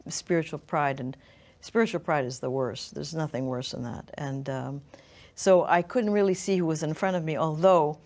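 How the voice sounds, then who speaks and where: Reflective, lower-voiced middle-aged woman. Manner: thoughtful, halting, with frequent restarts and fillers. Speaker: interview guest. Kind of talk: reflective personal storytelling.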